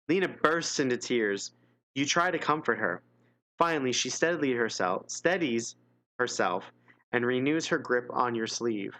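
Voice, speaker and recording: A man's voice: mid-range voice, expressive, moderate pace, sharp tone. A man streaming live, reading an interactive gamebook aloud and chatting casually, wry and self-mocking with frequent chuckles.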